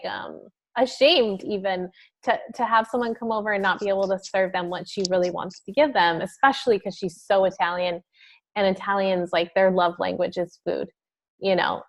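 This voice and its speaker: Woman host, mid-range voice, chatty storyteller on a video call. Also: mid-range voice. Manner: chatty, animated storytelling with many fillers. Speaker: host of a wellness group call. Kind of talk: casual group video call chat.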